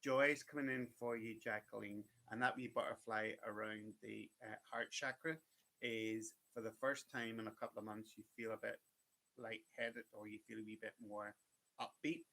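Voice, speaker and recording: A man's voice: on the low side, flat delivery, normal speed, vocal fry, bright, forceful tone. A man giving chatty, reassuring one-card tarot readings on a live stream, addressing viewers by name. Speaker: tarot reader.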